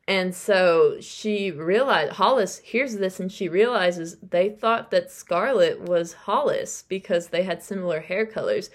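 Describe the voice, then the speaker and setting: A woman's voice: on the low side, a little slow, hardly any pauses. Chatty young woman recapping a book. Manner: chatty, acts out characters' lines while retelling. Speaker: podcast host.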